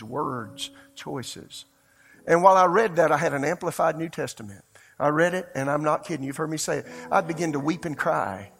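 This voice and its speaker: Gravelly pastor preaching a sermon. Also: male voice, a little high, fairly bright tone. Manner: conversational storytelling, fervent, addresses the congregation directly.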